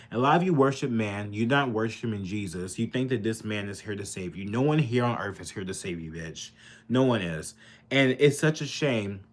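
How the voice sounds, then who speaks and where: A man giving unscripted political commentary on his own channel, ranting heatedly with profanity, repeating himself and using fillers. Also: mid-range voice. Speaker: political vlogger.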